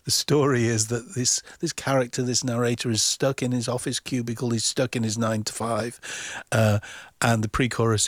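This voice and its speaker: A man's voice: mid-range voice, moderate pace, no echo, clean studio sound. A man talking about music on a radio chat, knowledgeable and chatty, with an easy laugh. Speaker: music commentator.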